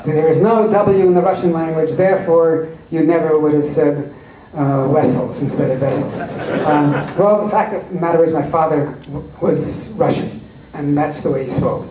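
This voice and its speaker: A man's voice: on the high side, steady tone, moderate pace, warm tone, a little hiss or hum. A man answering audience questions as a guest at a fan convention panel, telling wry anecdotes. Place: large convention hall. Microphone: recorded from the audience. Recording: echoey hall recorded from far off.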